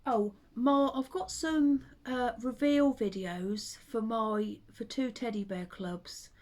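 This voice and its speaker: A woman chatting casually to camera at home, rambling with hesitant ums and soft under-breath asides. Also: a little high, slow. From United Kingdom. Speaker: vlogger and full-time teddy bear maker.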